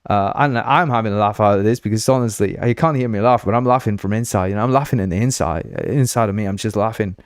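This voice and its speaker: A man's voice: mid-range voice, darkish tone, no echo, clean studio sound. A man from Uruguay hosting a casual livestream, rambling and joking, with frequent laughs and stumbling restarts. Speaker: livestream host.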